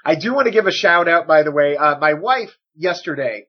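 A man co-hosting a wrestling podcast in casual chat, animated and joking, swearing freely. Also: a little high, brisk, slightly rough, muffled recording. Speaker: podcast co-host.

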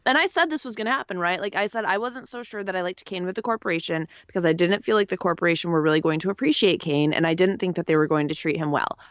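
A woman co-hosting a casual recap podcast, opinionated and animated with quick asides. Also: on the low side, no room sound, highs cut off. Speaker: podcast co-host. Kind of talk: casual chat recapping wrestling.

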